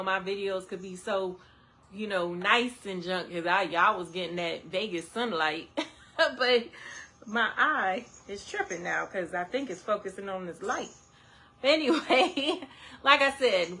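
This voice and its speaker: A woman who works as an independent travel agent, chatting on a live stream to her viewers with lots of laughter. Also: mid-range voice. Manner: animated, laughs often, talks straight to viewers. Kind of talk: casual live-stream chat. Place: indoors under a ring light.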